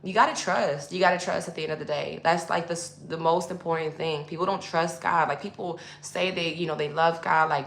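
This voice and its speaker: A woman's voice: deep voice, steady tone, brisk, gravelly, a bit bright. A woman speaking as a spiritual coach in a loose, casual monologue to viewers. She uses lots of fillers and calls her listeners y'all. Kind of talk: casual teaching monologue to camera. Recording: echoey room.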